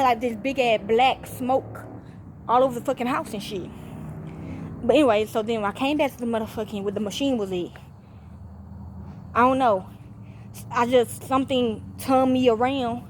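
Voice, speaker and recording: Woman, high-pitched voice, casual monologue to viewers, rambling, profane, repetitive, keeps asking "okay?". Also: a little hiss or hum. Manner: profane, repetitive, often checks in with 'okay?'. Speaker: channel host.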